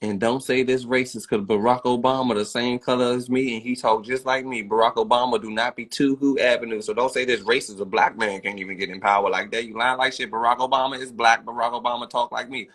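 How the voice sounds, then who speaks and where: A man's voice: mid-range voice, flat delivery, fast talker, few pauses, a bit bright. A man with a Baltimore accent ranting bluntly and profanely on a phone livestream. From Baltimore, USA.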